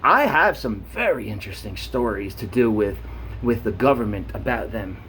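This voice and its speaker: A man's voice: lowish voice, animated, normal speed, a bit bright, a little hiss or hum. Blunt, worked-up man ranting. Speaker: vlogger. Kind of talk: casual rant to camera.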